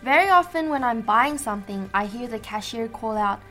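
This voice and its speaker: A woman co-hosting an English learning show, explaining polite phrases in a clear, teacherly way. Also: a little high, animated, a bit bright, faint music behind. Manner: clear teacherly delivery, models phrases slowly. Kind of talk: scripted language-lesson chat.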